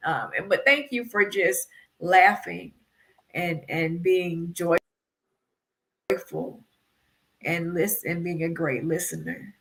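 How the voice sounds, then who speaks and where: A woman's voice: on the low side, slow pace, vocal fry, long pauses, fairly bright tone. A woman being interviewed as a PR company head, talking casually in a rambling, self-deprecating way and laughing often. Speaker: guest, PR firm CEO.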